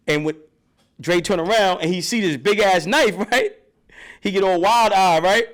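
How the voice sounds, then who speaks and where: Animated streetwise man telling stories. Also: fairly high pitch, a little fast. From New York. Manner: animated, profane street storytelling with loud bursts when reenacting. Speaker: interview guest. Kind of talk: casual storytelling in an interview.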